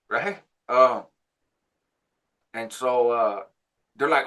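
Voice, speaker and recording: A man in his forties casually telling a story about his past, jumping higher in pitch when he acts out what others said. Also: slow, long pauses. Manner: animated, jumps higher when quoting others; laughs between phrases, frequent "right?". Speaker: channel host recounting prison life.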